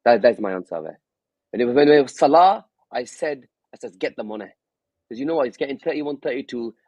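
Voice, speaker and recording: A man's voice: medium pitch, lively intonation, fast talker, darkish tone, dry recording, rough recording. A man on a football fan panel, teasing and interrupting the others in casual banter. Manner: teasing, interrupting, repeats words. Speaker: panel member on a fan show.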